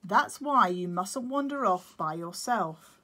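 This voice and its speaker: A woman's voice: mid-range voice, animated, slow, bright, forceful tone, full character voice. A woman reading a story aloud, voicing a fussy, protective father penguin who scolds and explains.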